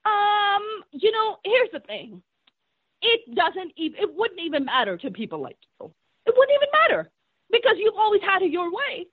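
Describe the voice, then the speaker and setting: A woman's voice: very high-pitched, very animated, moderate pace, no echo. Furious swearing woman on a phone line. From born in a third-world country, immigrant to the US. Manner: angry, profane, shouting over the host. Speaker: guest comedian. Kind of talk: heated argument. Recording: dry tinny phone line.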